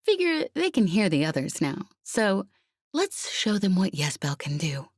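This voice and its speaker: A woman's voice: medium pitch, huge pitch swings, unhurried, husky, no echo, studio quality, voice pushed up, full character voice. A woman reading an audiobook, voicing a bold, grinning young woman leading a crew. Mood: cocky.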